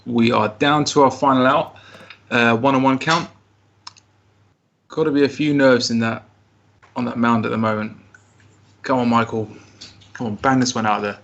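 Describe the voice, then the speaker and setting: A man co-hosting a live baseball show, calling the plays, hesitant and apologetic between bursts of excitement. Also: medium pitch, normal speed, gravelly, long pauses, muffled recording. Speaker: co-host. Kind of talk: live play-by-play commentary.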